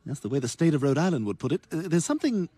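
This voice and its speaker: A man's voice: a little high, big pitch swings, rapid-fire, dark tone, slightly rough, no echo. An actor voicing a haughty, scheming baby boy with a sardonic tongue in a cartoon. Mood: snide. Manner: sardonic, snide.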